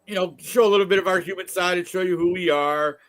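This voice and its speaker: High-voiced chatty male host. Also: fast talker. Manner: chatty, joking asides to the audience. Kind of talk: casual chat.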